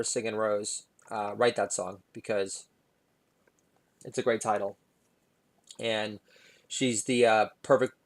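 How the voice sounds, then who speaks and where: A middle-aged man, a comedian hosting his own podcast, delivering a rambling, sardonic monologue full of "uh"s. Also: mid-range voice. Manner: sardonic, filler-heavy delivery with frequent "uh".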